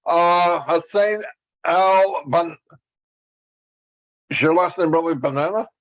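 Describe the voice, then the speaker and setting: A man's voice: on the high side, slow pace. Laid-back male co-host, jokey, muffled lo-fi livestream sound. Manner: relaxed, joking. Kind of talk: livestream chat greetings. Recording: dull lo-fi stream audio.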